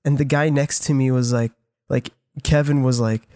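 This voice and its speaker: A man's voice: medium pitch, fairly even intonation, moderate pace, warm tone, no echo. Rambling, profane young man. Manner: rambling, profane, laughs while telling stories. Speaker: podcast co-host. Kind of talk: casual chat, storytelling.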